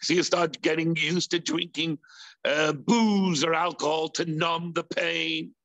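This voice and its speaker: High-voiced man preaching slowly. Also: fairly even intonation, a bit bright. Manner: acts out impulsive voices in a high whiny pitch; rhetorical questions, emphatic. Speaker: rabbi teaching. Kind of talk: sermon.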